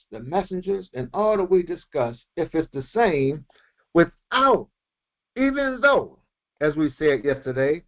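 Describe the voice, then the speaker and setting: A man teaching a verse-by-verse Quran commentary lesson, explaining slowly with repetitions and quoted Arabic terms. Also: high-pitched. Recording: dull lo-fi recording.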